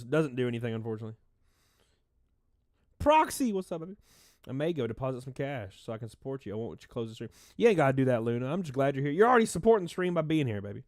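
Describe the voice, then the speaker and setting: A man's voice: medium pitch, no echo, clean studio sound. Stuffy-nosed man rambling on a livestream. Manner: rambling, reads chat names aloud, shouts out donors. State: stuffy nose, out of breath. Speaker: livestream host. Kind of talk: casual livestream chat.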